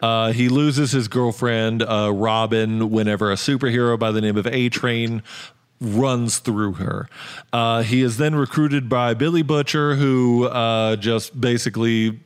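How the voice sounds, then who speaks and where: A man's voice: medium pitch, steady tone, a little slow, clean tone. A man hosting a casual podcast, rambling with lots of ums and uhs. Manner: rambling, many fillers and restarts. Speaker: podcast host. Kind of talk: casual chat.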